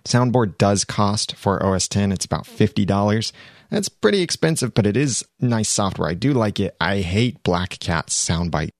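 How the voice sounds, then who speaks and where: A man's voice: fairly low pitch, no room sound. A man who hosts podcasts explaining production mistakes in a practical, step-by-step way from his podcast studio. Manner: practical, explanatory, speaks in clear points. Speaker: podcast host giving production tips. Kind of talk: instructional talk to camera.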